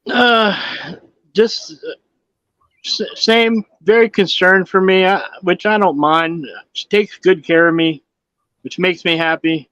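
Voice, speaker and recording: A middle-aged man talks earnestly in a fairly high voice, pausing with fillers as he gathers his thoughts. The sound is dry, with no room echo, and a little dull. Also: bright, forceful tone. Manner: earnest, hesitant with fillers and restarts. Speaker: panelist. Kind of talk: casual panel chat.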